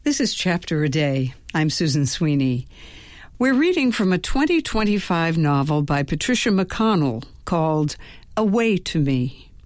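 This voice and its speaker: A woman hosting a radio reading, narrating a novel in a calm, measured first-person voice. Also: low voice, dry recording. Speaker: radio host and reader.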